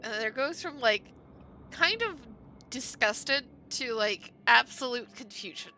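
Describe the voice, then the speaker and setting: A woman's voice: fairly high pitch, measured pace, slight background noise, poor audio. A woman playing a tabletop game, chatting casually with lots of laughter and casual swearing. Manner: giggly, animated, swears casually. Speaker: player.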